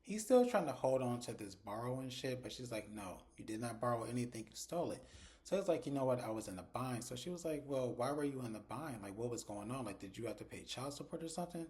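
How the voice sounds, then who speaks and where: A man's voice: mid-range voice, fast. A man casually recapping a TV drama episode, acting out characters' dialogue in quoted voices and swearing freely. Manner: animated retelling, acts out dialogue in quoted voices, profane. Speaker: TV episode reviewer.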